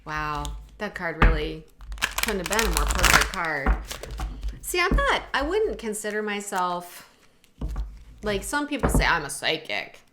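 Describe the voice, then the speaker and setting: A woman's voice: lowish voice, very animated, measured pace, very noisy. A middle-aged woman giving a casual oracle card reading, chatty and heartfelt, reading aloud from a guidebook and adding her own asides. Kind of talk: casual tarot-style reading to camera.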